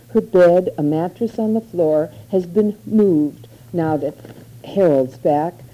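A woman narrating a literary short story in a measured, unhurried reading. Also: fairly low pitch, muffled recording.

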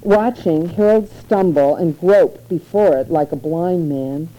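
A woman narrating a literary short story in a measured, unhurried reading. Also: lowish voice, mellow, dull audio.

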